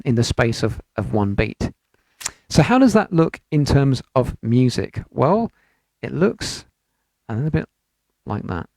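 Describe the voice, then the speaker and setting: A man's voice: medium pitch, creaky, darkish tone, dry recording. A man from the United Kingdom teaching an online piano lesson, explaining patiently step by step and chanting rhythm syllables over the piano. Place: home studio. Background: piano playing.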